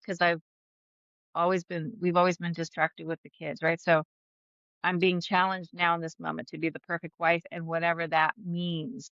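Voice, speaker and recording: A woman's voice: lowish voice, fairly bright tone, no echo, dull audio. A woman guest talking openly in an interview, chatty, laughing often and restarting her sentences. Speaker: podcast guest. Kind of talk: candid conversational interview.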